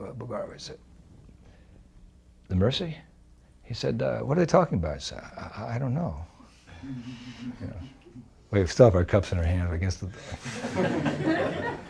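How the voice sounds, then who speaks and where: A man's voice: mid-range voice, expressive, normal speed, vocal fry, pauses often, mellow. An older man telling personal devotional memories in a reflective storytelling way, laughing now and then. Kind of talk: storytelling memoir.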